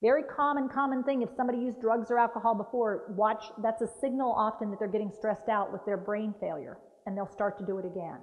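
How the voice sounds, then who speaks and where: A woman dementia care trainer giving a lively talk, acting out patient voices. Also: medium pitch, fast talker, few pauses. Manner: animated, acts out patient voices. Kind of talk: lively training talk with role-play demonstrations. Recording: dull roomy hall recording.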